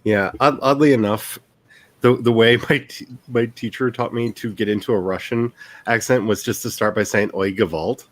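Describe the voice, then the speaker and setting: A man's voice: medium pitch, steady tone, moderate pace, fairly bright tone, dry recording. A man who writes books, hosting a casual stream chat in a rambling, self-deprecating way and laughing often.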